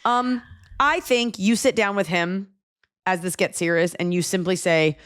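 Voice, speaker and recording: Woman, forties, podcast host, lower voice, chatty and self-mocking, acts out lines while giving advice. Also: unhurried, a bit bright, clean tone. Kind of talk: casual advice chat.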